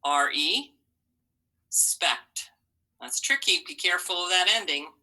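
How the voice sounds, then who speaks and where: A woman teaching a phonics lesson to young children, slowly sounding out letters and syllables with encouraging praise. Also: fairly low pitch, expressive, bright, forceful tone, poor audio.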